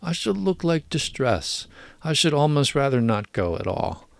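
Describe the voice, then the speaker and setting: A man's voice: fairly high pitch, sing-song, measured pace, gravelly, no room sound, pitched above the performer's own voice, full character voice. A man reading the part of a discontented young wife who complains in clipped, petulant lines. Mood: plaintive.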